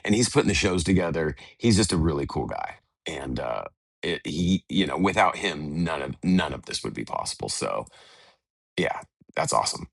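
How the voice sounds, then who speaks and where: An American man, a touring band's bassist, chatting casually in an interview from a hotel room, relaxed and rambling with lots of fillers. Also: normal speed, creaky, slightly rough, no echo. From United States. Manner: relaxed, rambling, many fillers and retold dialogue.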